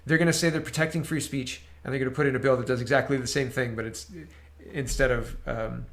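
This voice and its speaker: A man's voice: mid-range voice, steady tone, fast. A Canadian man hosting political commentary, talking casually and sarcastically while reacting to clips. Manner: sarcastic, mocking voices.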